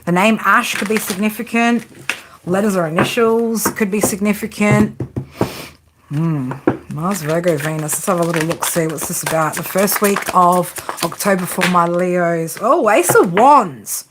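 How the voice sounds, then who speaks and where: A woman's voice: on the low side, measured pace, heavy background noise. Chatty woman reading tarot live. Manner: chatty, swears freely, jokes with live chat. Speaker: tarot reader.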